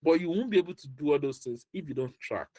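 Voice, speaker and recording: A man coaches job seekers in a chatty, motivational way. He keeps repeating his main points, laughs easily and acts out the voices of the people he quotes. His voice sits a little high for a man and is recorded dry, with no room echo. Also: lively intonation, quick pace, mellow. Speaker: career workshop speaker. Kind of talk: motivational talk.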